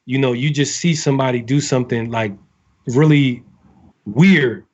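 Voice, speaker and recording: Man, navy sailor, casual advice talk, loose and rambling, middle pitch, slightly muffled recording. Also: normal speed, a little mellow. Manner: rambling, full of fillers and restarts. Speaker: navy sailor speaking to recruits.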